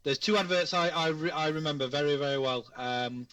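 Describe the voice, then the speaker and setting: A man co-hosting a casual podcast, speaking haltingly with many restarts. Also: fairly high pitch, a bit bright, no room sound. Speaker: podcast co-host. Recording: distant mic in a dry room.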